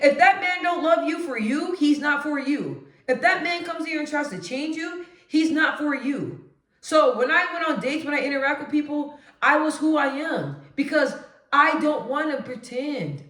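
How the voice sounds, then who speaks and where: A woman vlogging straight to camera, with a naturally deep voice she lifts a notch as she talks emphatically. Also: normal speed, echoey room. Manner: emphatic, animated, conversational. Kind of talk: direct-to-camera monologue.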